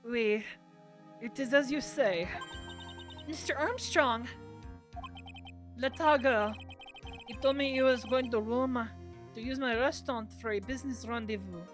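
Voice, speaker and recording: Meek French chef guy, halting and sorry, read by a woman streamer, faint music behind. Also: fairly high pitch, natural voice. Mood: apologetic. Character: timid apologetic male French chef, guilt-ridden.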